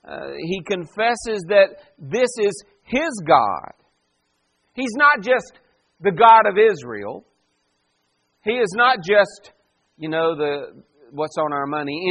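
Slow-preaching man with a high voice. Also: lively intonation. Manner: preaching verse by verse, rising and dropping to a hush for emphasis. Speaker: pastor. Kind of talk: sermon.

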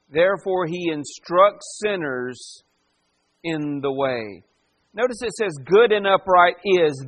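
A man pastor preaching a sermon verse by verse, swelling for emphasis and dropping to a hush. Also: high voice.

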